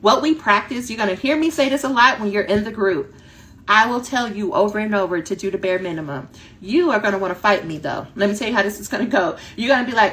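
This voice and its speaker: A woman dissertation coach giving a direct, animated talk that acts out her students' inner voices. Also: medium pitch, fast talker.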